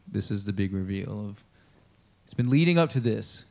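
A man's voice: on the low side, expressive, normal speed, gravelly, darkish tone. An American man preaching a sermon as a pastor, in a casual, conversational style full of fillers, often acting out the dialogue of Bible figures.

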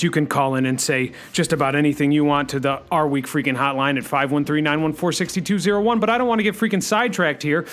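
A man playing an overexcited talk-radio host who says "freaking" constantly and leaps up in pitch. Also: creaky, a bit bright. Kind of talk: comedy radio-show sketch.

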